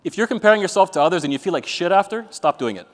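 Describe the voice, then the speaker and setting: A man's voice: sits high, animated, racing. A man giving a live motivational talk to an audience, blunt and profane, telling jokey stories. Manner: blunt, profane, joking storyteller. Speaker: motivational speaker. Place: event venue with an audience. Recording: reverberant event hall.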